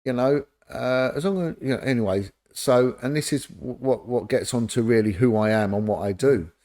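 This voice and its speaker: A middle-aged man, telling lively stories as an interview guest and acting out the dialogue. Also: mid-range voice, moderate pace. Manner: animated anecdote-telling, acts out quoted dialogue. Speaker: interview guest, former police officer. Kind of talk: casual storytelling.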